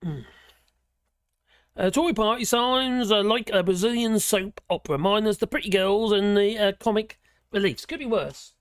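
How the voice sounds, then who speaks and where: A man's voice: sits high, normal speed, clean tone, dry recording, clean studio sound. A man from Norfolk with a Norfolk accent, hosting a casual livestream chat, rambling with many fillers, chuckles and exclamations. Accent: Norfolk English. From Norfolk, England. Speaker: livestream host.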